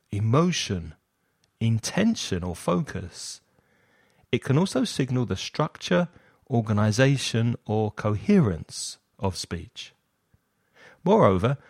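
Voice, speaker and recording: A man giving a scripted explanatory lesson, setting out terms one by one in a measured way. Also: mid-range voice, a little mellow, dry recording, studio quality. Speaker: lecturer.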